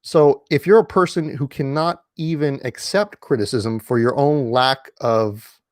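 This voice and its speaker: A man's voice: medium pitch, a little slow, no room sound, studio quality. A man giving a casual lecture-style monologue, emphatic and repetitive, with many fillers and restarts, speaking from home. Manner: emphatic, repeats key words, frequent fillers and restarts. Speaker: online commentator. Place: indoors at home.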